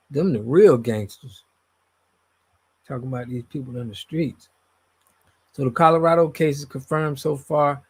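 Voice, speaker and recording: A man hosting a live stream, chatting casually and reading viewer comments in a loose, slangy way, his voice trailing off at the ends of phrases. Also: mid-range voice. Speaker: streamer host reading chat.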